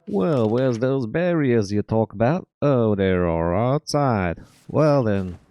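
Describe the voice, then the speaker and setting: A man's voice: medium pitch, expressive, takes it slowly, darkish tone, smooth. A man hosting a gameplay video with goofy, jokey commentary. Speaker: gaming channel host.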